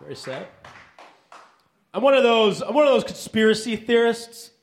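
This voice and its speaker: A man doing a stand-up set with dry, deadpan one-liners. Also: high voice, moderate pace, slight background noise. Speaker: stand-up comedian.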